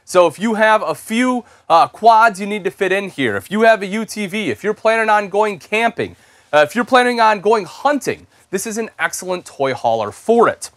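A man's voice: high voice, sing-song, normal speed, no room sound, clean studio sound. A young man hosting an RV show, giving an enthusiastic, chatty sales walkthrough inside a travel trailer and calling viewers "folks". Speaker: RV show host.

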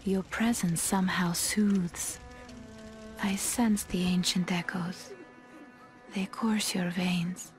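A woman voicing a calm, gentle female doll companion in a game, in a breathy whispered role-play. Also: lowish voice, faint music behind. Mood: serene. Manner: slow, serene, solemn.

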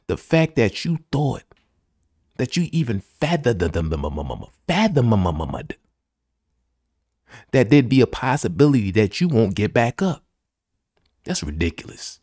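A man's voice: medium pitch, wildly swooping pitch, measured pace, pauses often, darkish tone, no room sound, studio quality. A man hosting a podcast, giving an emphatic, repetitive motivational pep talk full of slang. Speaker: podcast host.

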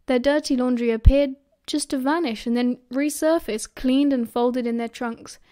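A woman's voice: high-pitched, fairly even intonation, normal speed, dark tone. British woman narrating an audiobook. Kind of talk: fan audiobook reading.

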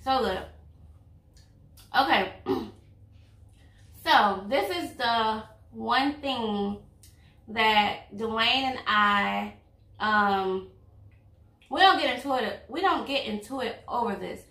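Casual girl talking blunt to her man, kinda high n raspy, roomy echo, mic far off. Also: slow, long pauses, sharp tone. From Louisiana. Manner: blunt, outspoken. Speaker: vlog host, girlfriend. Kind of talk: casual couple chat over a meal. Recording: echoey room, mic at a distance.

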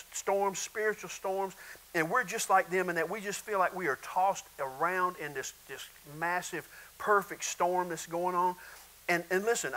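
A man's voice: sits high, bright, forceful tone, poor audio. A male pastor preaching a sermon in an emphatic, repetitive way, often calling out to the congregation.

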